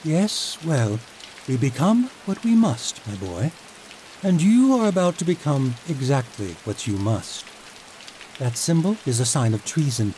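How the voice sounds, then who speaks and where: A man's voice: medium pitch, unhurried, pitched above the performer's own voice, low-quality recording. A man doing a cold, cunning chancellor. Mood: menacing. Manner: smooth, darkly amused, menacing. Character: cunning, cold middle-aged male chancellor. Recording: steady rain noise behind voice.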